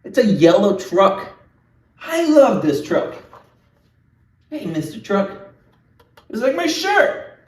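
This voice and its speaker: A man leading a playful lesson for young children, talking straight to them in an animated, singsong way. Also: sits high, slow pace, long pauses, far from the mic. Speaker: children's language teacher. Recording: echoey room, voice off-mic.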